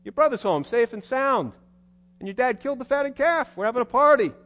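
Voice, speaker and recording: A man's voice: very high voice, lively intonation, fairly quick, a bit bright, voice pushed up. A man voicing an eager male servant who is passing on news. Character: excited household servant, man. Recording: long hall reverb.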